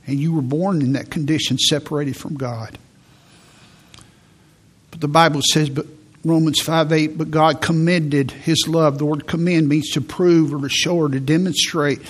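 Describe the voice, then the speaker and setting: A man giving a sermon as a pastor, preaching in a church with slow, emphatic delivery and repeated key words. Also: on the high side, a bit bright, breathy edge. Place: church sanctuary.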